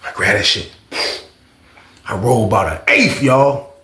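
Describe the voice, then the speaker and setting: A man telling a story to camera in a casual monologue, animated and profane, full of street slang, with outbursts that rise in pitch. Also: a little slow, roomy sound.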